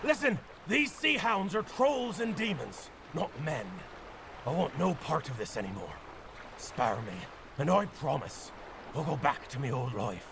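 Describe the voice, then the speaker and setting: A man's voice: on the high side, big pitch swings, a little slow, gravelly, background noise, full character voice. An actor playing a cunning captured male pirate who poses as a farmer in a game, wheedling and then sly and taunting. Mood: pleading.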